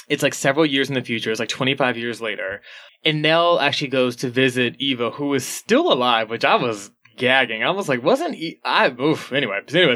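A man co-hosting a podcast, talking through a novel in a chatty, animated way, full of fillers and frequent laughs. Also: medium pitch. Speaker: podcast co-host. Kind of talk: casual book discussion.

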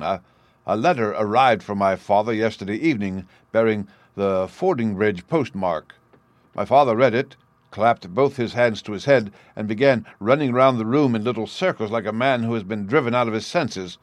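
Man voicing a troubled young son, earnest, low-pitched. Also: moderate pace, no room sound, natural voice. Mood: distressed.

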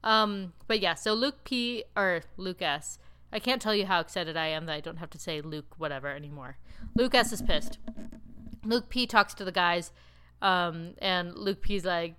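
A woman recapping a TV show in casual chat, rambling and animated with lots of filler words. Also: lowish voice, normal speed, clear, resonant tone. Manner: animated, laughing storyteller. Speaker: TV recap podcaster.

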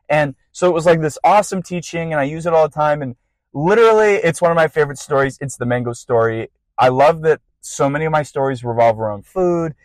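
A young man hosting a podcast, telling a personal faith testimony in a casual, rambling way with bursts of excitement. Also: mid-range voice, dry recording, rough recording. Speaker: podcast host.

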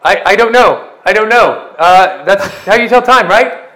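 A man voicing a frantic, confused young male lunatic in the forest who shouts and repeats himself. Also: sits high, animated, unhurried, pitched above the performer's own voice, poor audio. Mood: bewildered.

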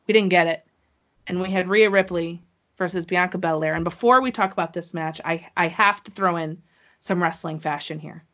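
A woman's voice: lowish voice, fairly quick, fairly bright tone. A woman co-hosting a wrestling podcast, chatting casually and gushing with enthusiasm. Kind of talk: casual chat. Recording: muffled lo-fi sound.

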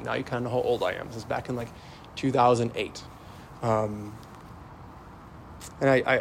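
With a mid-range voice and vocal fry, a man in his thirties, a priest, delivers a relaxed homily built around stories. He speaks conversationally, with many fillers and restarts, and there is slight background noise.

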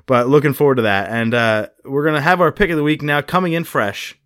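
A man's voice: mid-range voice, a little fast, background noise. Laid-back male podcast co-host. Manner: rambling, laughs easily. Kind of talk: casual chat.

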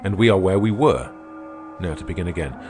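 A man reading aloud, voicing a confident male debater who speaks gravely and matter-of-factly in an audiobook. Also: low voice, expressive, fairly quick, a little mellow, faint music behind. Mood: assured. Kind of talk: audiobook character voice.

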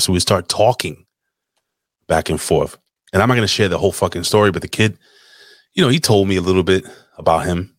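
Man, low voice, dry close sound, swears a lot, casual storytelling podcast. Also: no room sound. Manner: profane, animated storyteller. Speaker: podcast host.

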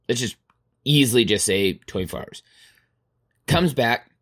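A man in his thirties talking through a rambling podcast monologue at a middle pitch. He swears freely and sounds exasperated as he works through his thoughts. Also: a bit bright. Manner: profane, rambling, exasperated storytelling. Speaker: podcast host. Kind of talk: casual monologue.

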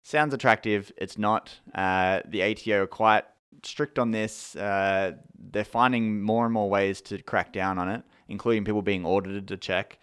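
A man with an Australian accent co-hosting a podcast, explaining things in a relaxed, casual way with frequent fillers. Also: lowish voice, normal speed, hardly any pauses, smooth. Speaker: podcast co-host.

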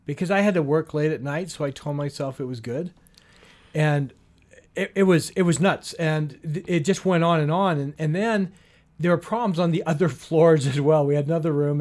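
A man's voice: on the high side, a little fast, a little mellow. A man telling a long story to a listener in casual conversation, acting out the dialogue with lots of "she goes" and "I go.".

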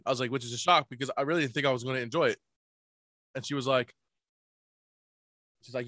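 A man's voice: mid-range voice, a little fast, pauses often, no room sound, studio quality. A man chatting casually, swearing and laughing a lot as a guest. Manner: profane, laughing, excitable. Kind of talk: casual chat.

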